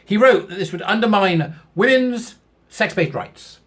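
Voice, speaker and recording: A sarcastic man with a high voice reads a news piece aloud, breaking off into scornful asides and chuckles. His tone is mocking and dismissive throughout, like a host riffing on a channel. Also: lively intonation, measured pace, fairly bright tone. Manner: sarcastic and scornful, laughing often at his own jokes. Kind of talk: reading a news article aloud with mocking commentary.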